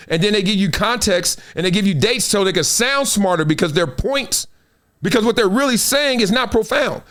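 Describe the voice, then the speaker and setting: A male podcast host with a fairly high voice that swoops up and down. He talks in a preachy, dramatic way, leaning into his points and playing out quick scenes with voices. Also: a bit bright. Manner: preachy, dramatic, acts out quotes. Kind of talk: animated commentary.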